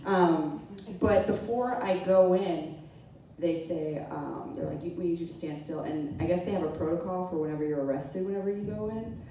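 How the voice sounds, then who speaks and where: A woman's voice: lowish voice, moderate pace, mellow, slight background noise. A young woman telling a story from her own life to a live audience, casual and laughing as she goes. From not from New York. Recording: roomy echo, mic from a distance.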